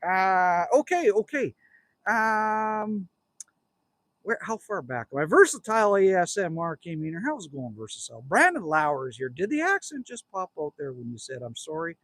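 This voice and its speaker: A high, sing-song male voice at normal speed, a bit bright and free of echo, belongs to a Canadian livestreamer in his fifties. He's outside at his cabin, casually reading viewer comments and joking around in a rambling way, speaking directly to his audience.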